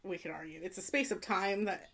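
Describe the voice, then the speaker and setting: A woman co-hosting a casual chat, relaxed and rambling, with lots of fillers and casual swearing. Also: medium pitch, fairly quick, a crowd in the background. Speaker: podcast co-host.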